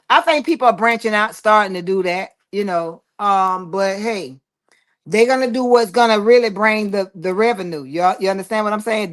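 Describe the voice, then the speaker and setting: A woman's voice: mid-range voice, a bit bright. A woman hosting a casual livestream, reading viewer comments aloud and answering them in a chatty, drawling way. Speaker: livestream host reading chat. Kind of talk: casual live chat.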